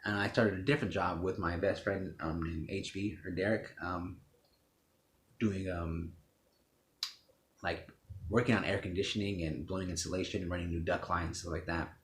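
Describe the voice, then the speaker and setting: Casting: low-voiced man, raw personal testimony, cursing freely, recorded in an echoey room with faint background noise. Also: fairly even intonation, normal speed. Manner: blunt and profane, with restarts. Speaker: speaker telling his life story.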